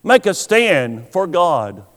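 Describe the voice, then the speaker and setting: A man preaching a sermon, asking the listeners rhetorical questions and pausing for effect. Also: fairly high pitch, sing-song, a bit bright. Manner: rhetorical questions, dramatic pauses. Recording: long hall reverb.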